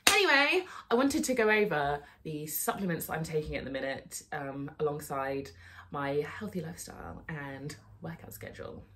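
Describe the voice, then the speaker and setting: A woman's voice: low-pitched, moderate pace, husky. A young woman chatting casually to camera at home for her fitness vlog, tired and candid, rambling with fillers and the odd swear. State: tired and low on energy. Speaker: fitness vlogger. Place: at home, indoors.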